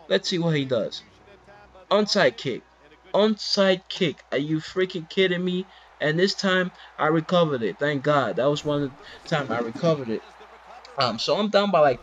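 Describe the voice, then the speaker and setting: A man talks through his gameplay footage in a casual, exasperated ramble, piling up rhetorical questions and fillers. His voice sits at an ordinary middle pitch. The recording is slightly dull and lo-fi. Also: a bit bright. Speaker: gameplay commentator.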